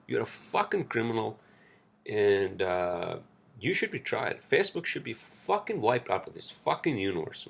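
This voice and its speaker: A man's voice: mid-range voice, creaky, a bit bright, breathy edge. A man hosting a solo podcast, rambling and swearing heavily as he rants about the news, then reading an article aloud. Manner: profane, ranting, rambling with restarts. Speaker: podcast host.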